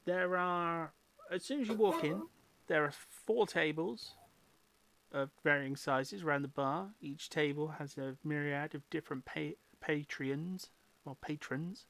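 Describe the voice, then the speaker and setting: Game master, tabletop narration, halting, full of fillers, mid pitch. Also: creaky, a bit bright.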